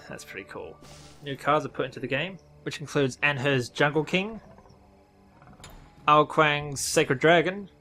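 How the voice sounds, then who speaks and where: An Australian man talks through game update news in an offhand, rambling way, often restarting his sentences. His voice is bright and forward. Faint music plays behind him. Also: a little high, measured pace, long pauses. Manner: rambling, self-correcting, offhand. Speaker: gaming video host. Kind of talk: casual game-update commentary.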